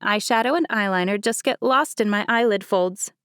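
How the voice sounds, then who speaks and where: A woman's voice: medium pitch, normal speed, fairly bright tone, smooth, no room sound, studio quality, pitched above the performer's own voice, close to an everyday voice. A woman voicing a bossy, teasing grandmother in her seventies in an audiobook. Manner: teasing, commanding. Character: bossy 73-year-old grandmother.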